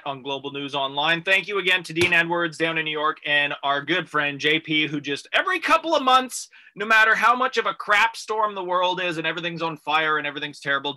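Bright, upbeat Canadian radio host. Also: male voice, on the high side. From rural Canada. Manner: upbeat, chatty, joking. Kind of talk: radio talk show chat.

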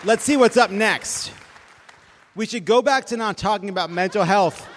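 A man in his forties hosting a live comedy show, rambling and self-mocking, with occasional bursts of shouting. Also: high-pitched, normal speed. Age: 40s. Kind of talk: live stand-up banter. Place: theater stage with live audience. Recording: reverberant venue with crowd noise.

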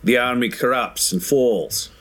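A man's voice: medium pitch, a little slow, a bit bright, lightly acted. An earnest, commanding hero, as a player puts him on, speaks in formal, resolute sentences. He sounds like a character in a tabletop adventure.

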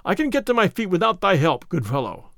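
A man's voice: high-pitched, huge pitch swings, brisk, gravelly, fairly bright tone, no echo, studio quality, full character voice. A man voicing a proud, bruised male outlaw leader in a storybook reading, speaking in hearty, archaic phrases.

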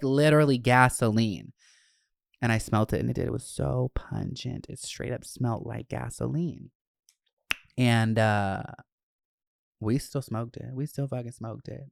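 Young man, casual storyteller, profane and animated, smooth voice, dry close sound. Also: medium pitch, a little slow, dry recording.

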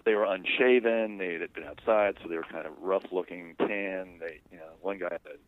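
Deep-voiced man on a phone line. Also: no echo. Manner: rambling, conversational and unhurried. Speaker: interviewee. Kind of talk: candid personal storytelling. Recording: dry, tinny phone line.

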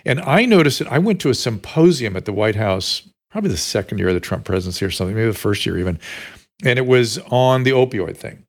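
A man hosting a talk show, telling a story in a casual, animated way with frequent restarts. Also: lowish voice, fast. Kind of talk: casual conversational interview.

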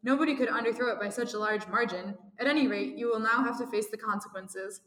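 A woman's voice: a little high, fast, fairly bright tone, lightly acted. A woman reading the lines of a mysterious, menacing voice on a phone in a plain, stiff read-aloud way. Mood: ominous. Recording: echoey room with long reverb.

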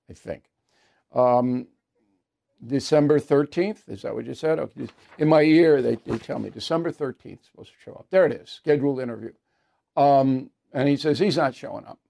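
A man's voice: mid-range voice, creaky, darkish tone. A man hosting an opinionated news commentary show, talking in an indignant, sarcastic way with scoffing asides, in a studio. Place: studio with earpiece to producers.

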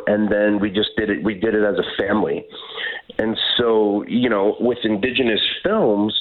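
A Canadian man in his thirties comes through a thin, tinny phone line as a radio guest. His voice sits fairly low, and he tells his stories with plenty of laughter and false starts. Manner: laughing, lively storytelling with many restarts. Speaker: guest actor. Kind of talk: phone interview.

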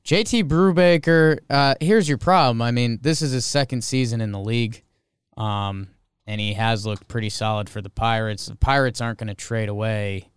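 A man's voice: lowish voice, steady tone, normal speed, clear, resonant tone, no room sound, studio quality. Laid-back man talking baseball. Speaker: podcast co-host. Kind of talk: casual sports talk.

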